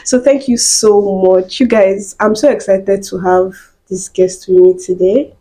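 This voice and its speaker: A woman's voice: medium pitch, fairly even intonation, a little slow, warm tone, low-quality recording. A young woman, hosting a podcast in effusive, giggly casual chat. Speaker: podcast host.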